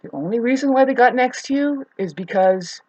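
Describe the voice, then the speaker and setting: A woman talking in a rambling, frustrated monologue, swearing often, with sudden swings between loud outbursts and quieter muttering. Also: fairly high pitch, animated, brisk, no room sound, lo-fi sound. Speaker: astrology vlogger.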